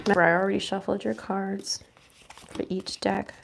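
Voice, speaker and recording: A woman's voice: mid-range voice, little pitch movement, moderate pace, vocal fry, background noise. A young adult woman giving a casual, reassuring tarot reading who murmurs her questions to the cards. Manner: chatty, reassuring, asks the cards aloud in a murmur. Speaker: tarot reader.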